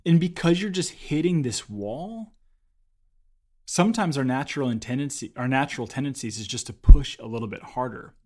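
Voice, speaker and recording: A man's voice: medium pitch, moderate pace. Man chatting, telling a work story. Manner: storytelling, animated when acting out quotes. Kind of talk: casual chat.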